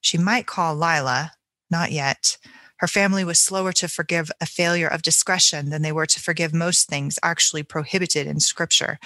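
A woman co-hosting a book podcast, reading a passage from a novel aloud in a measured, reflective way. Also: low-pitched, bright, forceful tone, dry recording. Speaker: book club podcast co-host.

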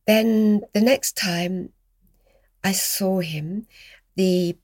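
An older woman from England, a guest telling stories of her past in a gently animated, reminiscing way. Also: mid-range voice, extremely slow, no room sound, clean studio sound. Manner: reminiscing, gently animated, dips into soft whispers. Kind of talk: storytelling in an interview.

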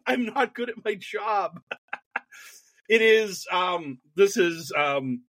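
A man's voice: sits high, lively intonation, takes it slowly, fairly bright tone, dry recording. A man hosting a casual political podcast over a call, rambling, self-deprecating and profane. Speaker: podcast host.

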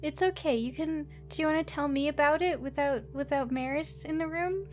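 A tiny, gentle woman playing good cop, as a player puts her on, coaxing softly and reassuring. Her voice is fairly high. Faint music plays behind. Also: a little fast, close to an everyday voice. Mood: soothing.

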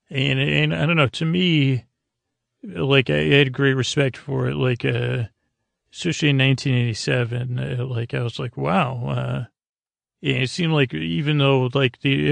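A man with a deeply gravelly, fry-heavy voice recaps an episode in loose podcast chat. He rambles and restarts often. The sound is dry and close. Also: dry recording. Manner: rambling, many fillers and restarts. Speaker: podcast host.

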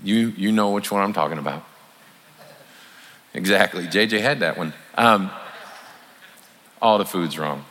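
Male pastor, sermon, low voice, folksy and conversational, long hall reverb. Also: measured pace, pauses often, bright, forceful tone. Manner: folksy, conversational preaching with acted-out apologies. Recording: long hall reverb, faint room noise.

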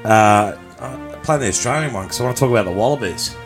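A man's voice: on the low side, fast, music in the background. A man from New Zealand co-hosting a podcast, easygoing and dry in casual banter. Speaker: podcast co-host. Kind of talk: casual banter on a live show.

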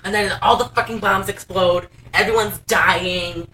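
A woman co-hosting a casual movie recap podcast, telling the plot in an animated, profane way with lots of laughing. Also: medium pitch, a little slow, recorded from a distance, a little hiss or hum, low-quality recording. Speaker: podcast co-host.

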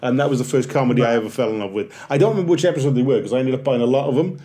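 A Welsh man around forty, a comedian chatting on a podcast, telling animated, self-deprecating stories and slipping into little bits. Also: mid-range voice, very fast. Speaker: comedian guest. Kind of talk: casual podcast chat.

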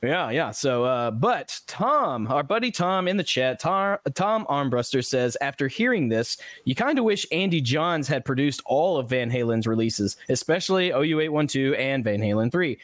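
A man hosting a podcast, casually reading listener comments aloud with animated asides and frequent laughs. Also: medium pitch, moderate pace, hardly any pauses, no echo. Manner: animated, laughs often, restarts sentences. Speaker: podcast host.

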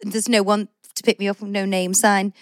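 A woman's voice: medium pitch, flat delivery, moderate pace, no room sound. A woman podcast host telling a funny travel story, giggling through it. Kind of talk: casual chat anecdote.

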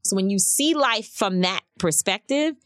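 Lively storytelling woman, dry close sound. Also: a little slow, no echo. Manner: animated storytelling, acts out quotes with rising pitch. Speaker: march organizer. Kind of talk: candid interview talk.

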